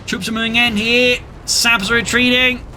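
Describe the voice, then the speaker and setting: A man casts a war strategy game with brisk, excitable play-by-play and a wry streak. His voice sits notably high for a man. Loud game gunfire and artillery rumble beneath his commentary. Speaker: game caster. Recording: commentary over loud game battle sound.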